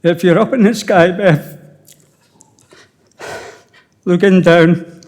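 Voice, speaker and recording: Older man, Scottish accent, funeral eulogy, emotional, halting, dry humour, unhurried. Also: high voice, steady tone, darkish tone, in a large hall. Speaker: widower giving a eulogy. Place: funeral service.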